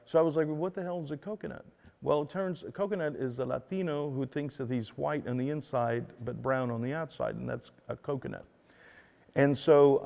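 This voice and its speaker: A man's voice: medium pitch, vocal fry, darkish tone. A man hosting his own show in a casual, rambling monologue, full of fillers and "dude.". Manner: rambling, filler-heavy, says "dude" often. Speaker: show host. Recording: long hall reverb.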